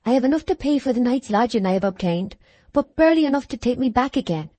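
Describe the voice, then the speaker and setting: A woman's voice: fairly high pitch, expressive, fast talker, mellow, no room sound, pitched above the performer's own voice. A woman reading an audiobook, voicing a humble young barmaid who pleads for help in a raised voice. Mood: pleading.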